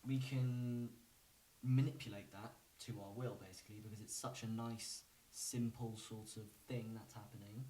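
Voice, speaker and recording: A man giving a casual music lesson, relaxed and rambling, with lots of fillers and restarts. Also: lowish voice, normal speed, noisy background. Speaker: music teacher. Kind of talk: casual instructional talk. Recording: roomy, from a distance.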